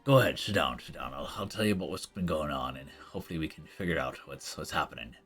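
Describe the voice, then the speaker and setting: Man doing a gruff, weary half-orc sailor. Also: a bass voice, fairly bright tone, heavily acted. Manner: halting, apologetic, worn-down talk. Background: faint background music.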